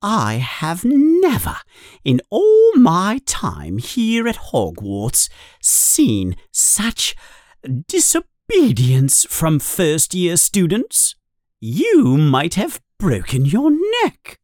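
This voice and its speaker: A narrator voicing a strict older female professor who scolds and commands in a high, raised voice. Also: wildly swooping pitch, slow pace, a little mellow, dry recording, studio quality, heavily acted. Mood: stern.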